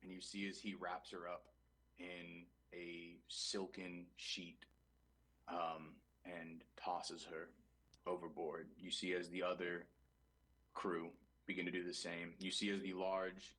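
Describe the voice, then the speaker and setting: Casting: low flat-voiced man running a tabletop game, husky, loose and casual. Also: slow pace, low-quality recording. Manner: casual narration with many fillers. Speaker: game master.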